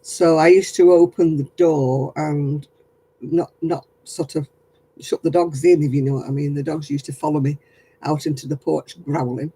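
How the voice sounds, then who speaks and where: This is a British woman chatting casually to her viewers. Her voice is husky and warm, and she talks in a wry, amused way, as if swapping stories with friends. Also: low-pitched, fairly even intonation, normal speed, rough recording. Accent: British English. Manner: wry and chuckling, storytelling about prank callers. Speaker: craft vlogger. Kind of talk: casual chat.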